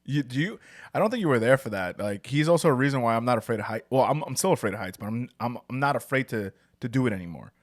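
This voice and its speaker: A young man hosting a podcast, telling animated, profanity-laced work stories in casual chat, calling his friend "bro". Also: mid-range voice, fast talker, dry recording, studio quality. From New York. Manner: profane, storytelling, says "bro" a lot. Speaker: podcast host.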